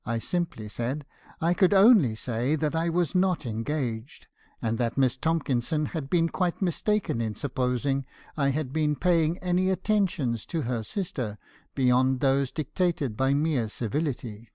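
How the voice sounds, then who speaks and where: A man narrating a first-person audiobook in a measured, earnest storytelling manner. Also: medium pitch, expressive, mellow, dry recording, clean studio sound.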